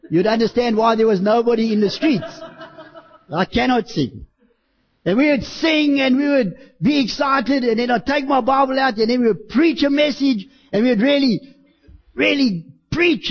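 High male preacher, impassioned sermon delivery with shouted peaks, muffled lo-fi church recording. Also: expressive, moderate pace. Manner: impassioned, bursts into shouting when acting out street preaching.

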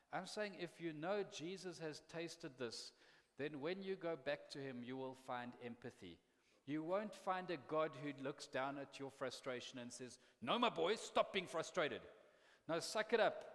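A man preaching a sermon in a church, earnest and conversational, shifting into animated bursts. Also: mid-range voice, in a large hall.

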